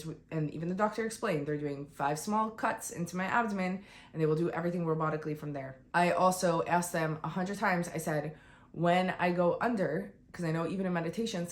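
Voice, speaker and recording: A woman telling a raw, emotional personal story on a vlog, on the verge of tears, swinging between quiet and heated. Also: fairly low pitch, reverberant. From United States. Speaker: vlogger.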